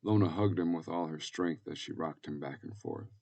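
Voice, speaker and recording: A man narrating an audiobook in calm, even storytelling. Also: very deep voice, normal speed, slightly rough, far from the mic. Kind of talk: scripted narration.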